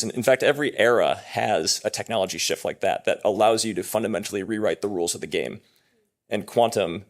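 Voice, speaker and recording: A man, a company executive, giving earnest, emphatic closing remarks at a press conference. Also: lowish voice. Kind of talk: prepared press conference speech.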